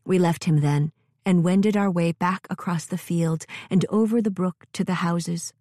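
Mellow, low-voiced woman narrating a story. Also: fairly even intonation, dry recording, studio quality. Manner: gentle, measured storytelling.

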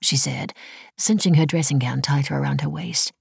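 Low gravelly woman narrating a story. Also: fairly even intonation, normal speed, no echo, clean studio sound. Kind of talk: audiobook narration.

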